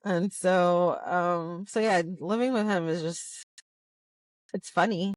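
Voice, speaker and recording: A woman's voice: fairly low pitch, fairly even intonation, slow, no room sound. A woman in casual, teasing banter with her husband, laughing often, talking in a car. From Latina. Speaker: host's wife, co-host. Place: car while driving.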